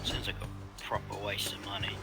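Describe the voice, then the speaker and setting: Gravelly man, blunt. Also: low voice, monotone, moderate pace. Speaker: streamer. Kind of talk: casual gaming chat. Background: game music.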